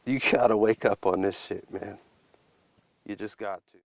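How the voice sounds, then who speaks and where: A man's voice: fairly low pitch, fairly even intonation, a little slow, dry recording, dull audio. A man giving a profane, conspiratorial commentary breakdown of a video.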